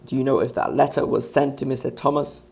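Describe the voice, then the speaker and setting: A man teaches an online English grammar lesson. His mid-pitched voice has a gravelly, husky edge. He works through each point step by step and keeps asking rhetorical questions. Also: quick pace, a little mellow.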